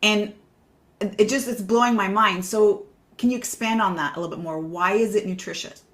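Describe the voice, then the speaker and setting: A woman's voice: mid-range voice, a little fast, a bit bright. A woman hosting a casual podcast interview, reflective and enthusiastic as she asks questions. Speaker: podcast host.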